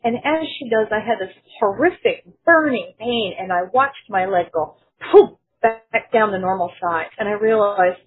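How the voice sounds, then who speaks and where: A woman tells her testimony earnestly, quoting the people in it in her own voice. Her voice is very breathy and sits at a middle pitch. The sound is narrow and thin, like a phone line. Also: moderate pace. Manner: earnest storytelling, quotes others in her own voice. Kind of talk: personal testimony.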